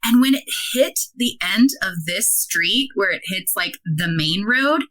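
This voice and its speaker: A woman in her thirties, a podcast guest, telling a story in a casual, animated way, full of "like" and acted-out dialogue. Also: mid-range voice, measured pace, rough recording. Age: 30s. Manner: animated, many "like" fillers, acts out quoted dialogue.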